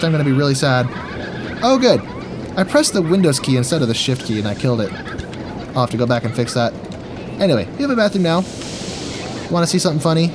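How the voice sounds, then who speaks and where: A gaming video host with a voice on the high side gives goofy, jokey commentary on his gameplay, talking to himself as he plays. Background noise can be heard.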